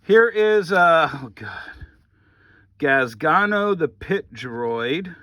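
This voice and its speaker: A man's voice: on the high side, lively intonation, very slow, sharp tone, no room sound. A man running a comic shop, casually walking through his merchandise and reading off prices with offhand jokes and asides. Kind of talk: casual store walkthrough video.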